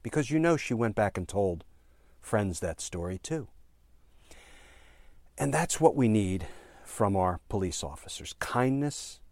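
Low-voiced earnest man telling a story. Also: big pitch swings, a little mellow, no room sound. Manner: earnest, halting delivery with fillers and emphatic repetition. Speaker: former prosecutor. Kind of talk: storytelling commentary.

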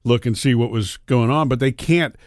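Man, measured explainer, mid pitch, dry close sound. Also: no room sound. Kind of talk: casual chat.

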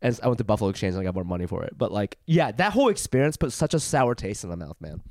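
A man's voice: lowish voice, sing-song, racing, darkish tone, no room sound, clean studio sound. A man co-hosting a podcast, telling a story in casual chat, swearing freely and acting out both sides of a conversation. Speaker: podcast co-host.

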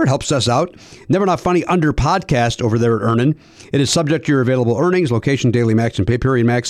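A man's voice: mid-range voice, darkish tone, no echo, clean studio sound. A man hosting a podcast, doing ad reads with playful, teasing banter. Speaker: podcast host. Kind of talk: ad read with banter.

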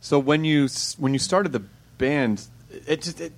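A man hosting a casual interview, animated and joking, quick to sound incredulous. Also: on the high side. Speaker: host.

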